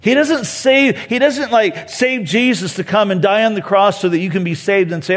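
High-voiced pastor preaching in a hall. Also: male voice, normal speed. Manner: earnest, repeats key phrases for emphasis. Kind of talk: sermon. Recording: long reverb of a large hall.

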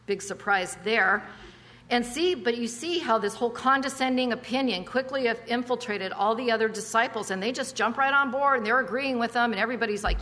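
A woman's voice: fairly high pitch, brisk, bright, forceful tone, in a large hall. A woman preaching a conversational sermon, emphatic, with chatty asides and rhetorical questions.

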